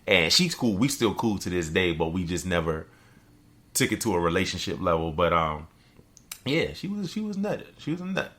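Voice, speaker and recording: Bright-voiced man telling animated stories. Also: moderate pace. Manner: animated storyteller, acts out quotes in a high voice. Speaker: podcast co-host. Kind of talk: casual chat.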